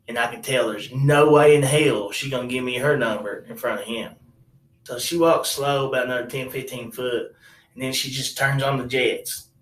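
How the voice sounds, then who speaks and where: A man's voice: medium pitch, a bit bright, reverberant, far from the mic, poor audio. A man telling a comic personal story in a rambling, wry way with many asides.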